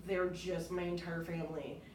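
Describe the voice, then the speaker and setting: A woman's voice: fairly low pitch, level tone, normal speed, darkish tone, recorded from a distance. A young woman, a stand-up comedian, chatting casually as a podcast guest, laughing often and using lots of fillers. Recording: roomy echo, voice off-mic, faint noise.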